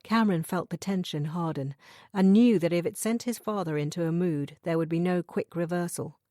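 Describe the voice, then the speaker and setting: A woman narrating a thriller audiobook in a measured, even reading style. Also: lowish voice, no echo, studio quality. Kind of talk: scripted narration.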